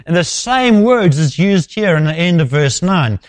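A man preaching an expository sermon, measured and emphatic, often dropping low at the ends of phrases. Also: very animated, no echo.

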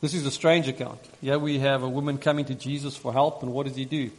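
A man preaching a sermon and reading scripture, earnest and measured, repeating phrases for emphasis. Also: mid-range voice, level tone. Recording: long reverb in a large hall.

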